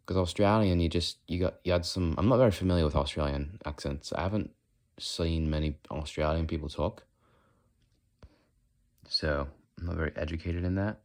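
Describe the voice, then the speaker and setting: A man's voice: very deep voice, normal speed, darkish tone. An American man chatting casually in a walk-and-talk vlog, rambling and questioning himself as he goes. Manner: rambling, self-questioning, slips in and out of mock accents. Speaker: vlogger.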